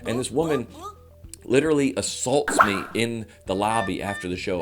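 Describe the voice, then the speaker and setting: Brief: male comic in his thirties, fast animated monologue to camera, faint music underneath. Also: fairly low pitch. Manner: rapid, animated rants with mock voices. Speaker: comedian host.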